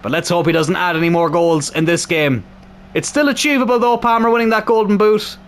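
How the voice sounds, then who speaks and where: High-voiced gamer shouting at goals. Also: male voice, brisk. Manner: swings from calm play-by-play to shouting and swearing at goals. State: sore throat. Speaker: gaming YouTuber. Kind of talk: excitable football game commentary.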